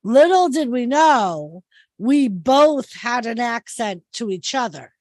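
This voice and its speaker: Slow-talking woman with a Massachusetts accent. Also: a little high, animated, darkish tone, no room sound. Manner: chatty storyteller, frequent "like". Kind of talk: casual chat.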